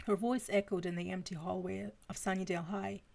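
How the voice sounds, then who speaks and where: Woman reading fanfiction aloud, gravelly voice. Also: mid-range voice, flat delivery, fairly quick, a little mellow. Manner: reads aloud with frequent stumbles and restarts. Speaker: fanfiction reader. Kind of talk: live stream story reading.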